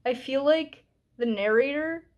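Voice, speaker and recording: A young woman with a slightly high voice, chatting casually into the camera about a book. She speaks candidly and loosely, with plenty of "like" and "um" and the odd aside. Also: a little slow, a little mellow, muffled recording. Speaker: book vlogger. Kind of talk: casual book review vlog.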